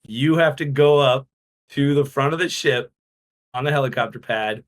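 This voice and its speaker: An easygoing man chatting on a podcast. He explains things in long, run-on stretches, in a relaxed, conversational way. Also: mid-range voice, normal speed. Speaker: podcast co-host. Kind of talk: casual chat.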